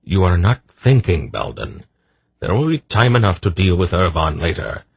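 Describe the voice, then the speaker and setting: A man voicing a stern old male sorcerer in an audiobook, firm and measured. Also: sits low, sing-song, slightly rough, dry recording, heavily acted.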